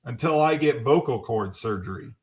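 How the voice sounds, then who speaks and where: A man's voice: mid-range voice, lively intonation, moderate pace. A man co-hosting a podcast, chatting casually and making fun of himself. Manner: joking, self-mocking. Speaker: podcast co-host. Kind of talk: casual chat.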